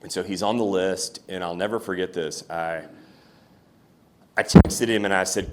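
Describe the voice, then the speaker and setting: Male speaker, very low pitch, candid fireside storyteller. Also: moderate pace, a little hiss or hum. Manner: candid, reflective storytelling with restarts. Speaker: company CEO, guest speaker. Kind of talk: fireside chat on stage. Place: room with an audience.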